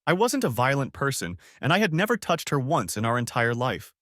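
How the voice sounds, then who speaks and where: A man's voice: medium pitch, very animated, brisk, a bit bright, no echo, studio quality. A man narrating a dramatic first-person audiobook story with emotional delivery.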